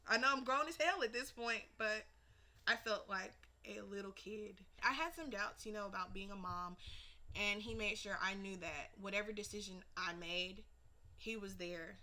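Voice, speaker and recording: A woman telling a personal family story in a documentary interview, animated, acting out her relatives' words and dropping from loud to hushed. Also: medium pitch, normal speed. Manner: animated, acts out family members' lines, swings between loud and hushed.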